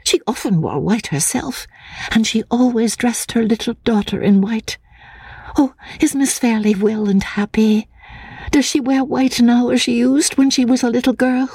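A woman voicing a timid, fragile young woman haunted by grief, speaking in a breathless, hushed voice that slips into whispers. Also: on the high side, normal speed, slightly rough, no echo. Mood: wistful. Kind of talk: audiobook drama acting.

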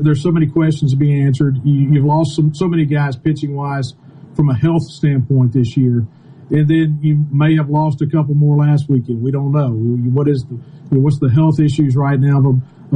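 A man speaking as a baseball analyst over an internet call, measured and thinking aloud as he goes. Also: a little high, fairly even intonation, dark tone, muffled recording. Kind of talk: casual sports analysis.

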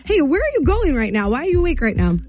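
Teasing radio host woman, slightly high voice. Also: very animated, fast, darkish tone, soft background music. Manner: teasing, chatty, laughs often. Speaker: radio morning show host. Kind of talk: casual radio chat.

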